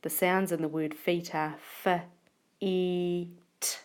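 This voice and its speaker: A woman teacher giving a phonics lesson, sounding out words slowly and carefully. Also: low-pitched, flat delivery. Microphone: tablet recording.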